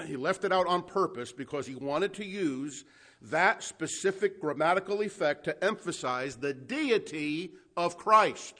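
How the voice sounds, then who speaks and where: A man's voice: a little high, animated, unhurried, bright, forceful tone. A man preaching an expository sermon, teaching a Bible text with emphasis, stretching out key words and asking his listeners questions.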